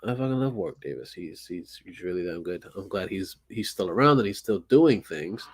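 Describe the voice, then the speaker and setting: A young man co-hosting a podcast, laid-back and swearing freely, chiming in with quick agreement. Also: low-pitched, lively intonation, husky. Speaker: podcast co-host. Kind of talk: casual chat.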